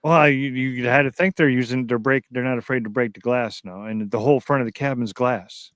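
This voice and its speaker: A man's voice: medium pitch, fairly even intonation, a little fast, a bit bright, dry recording. Regular-sounding guy, dry close sound, keeps repeating himself to make the point. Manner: emphatic, repeats words as he insists on his point. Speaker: guest. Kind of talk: casual talk on a radio show.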